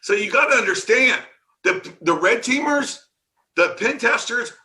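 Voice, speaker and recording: Male conference speaker, high bright voice, sarcastic and animated rant on stage. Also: a little slow. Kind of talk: conference talk.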